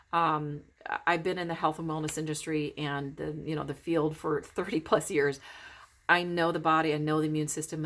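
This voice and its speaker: A woman's voice: fairly low pitch, a bit bright. A middle-aged woman recording a casual vlog while recovering from illness, talking in a rambling, heartfelt way with many fillers and restarts. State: recovering from illness, foggy-headed. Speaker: vlogger. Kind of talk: casual spiritual vlog talk.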